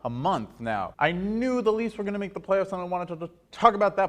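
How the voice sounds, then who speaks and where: A young man hosting a student sports talk show, giving wry, animated takes and dropping into low mutters. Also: fast talker, hardly any pauses. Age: young adult. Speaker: host.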